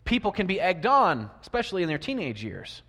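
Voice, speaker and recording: A man preaching a sermon. He asks his listeners many rhetorical questions and swings between loud emphasis and quiet asides. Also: high-pitched, wildly swooping pitch, brisk. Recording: long reverb of a large hall.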